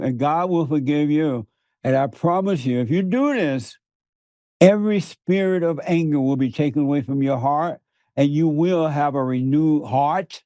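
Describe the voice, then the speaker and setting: A man with a rather high but mellow voice preaches in conversation, piling up repeated words for emphasis and chuckling between points. The sound is dry and close. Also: normal speed, no room sound. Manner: laughs often between points. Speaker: guest.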